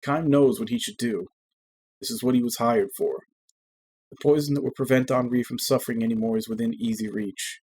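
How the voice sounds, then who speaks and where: A man's voice: medium pitch, fairly even intonation, darkish tone, breathy edge. Man reading a game story aloud. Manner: measured, earnest reading. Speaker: streamer.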